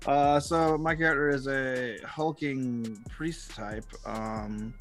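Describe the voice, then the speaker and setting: A man playing a tabletop role-playing game over a voice call, dry and unhurried. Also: mid-range voice, fairly bright tone. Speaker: player. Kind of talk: casual tabletop chat.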